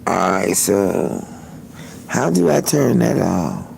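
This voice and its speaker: A man's voice: sits low, wildly swooping pitch, slow pace, vocal fry, a little mellow, slight background noise, poor audio. A man hosting a livestream, telling a story in a loose, profane, chatty way, laughing often, into a phone. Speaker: livestream host.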